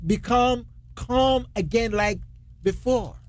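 Animated, laughing Bible-teaching co-host. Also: medium pitch, slow, no room sound. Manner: animated, laughs often, retells scripture dramatically; non-standard English grammar. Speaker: Christian radio co-host.

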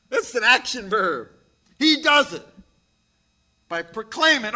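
High-voiced, slow-preaching man. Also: big pitch swings, bright, forceful tone. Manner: emphatic preaching with dramatic drops to near whispers. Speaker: pastor. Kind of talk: sermon.

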